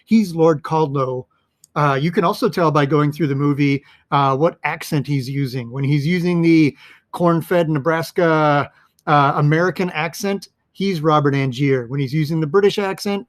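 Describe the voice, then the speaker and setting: A man talks through a movie's twists in a relaxed, rambling explainer style, with plenty of ums and uhs. His voice sits a little on the high side. The sound is close and dry with no room around it. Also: no echo. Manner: rambling, chatty, many fillers. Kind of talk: casual film breakdown.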